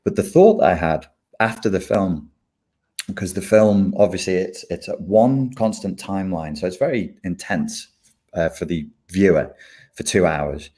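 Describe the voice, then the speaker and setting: A man's voice: deep voice, animated, normal speed, warm tone, husky. A man in casual podcast conversation, wry and opinionated. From England.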